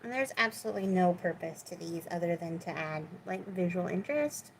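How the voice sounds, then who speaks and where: A woman's voice: fairly low pitch, expressive, brisk, a little hiss or hum, low-quality recording. A woman hosting a crafting video, chatting casually and with self-deprecating humor as she works in her home craft room. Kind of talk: casual crafting chat while working.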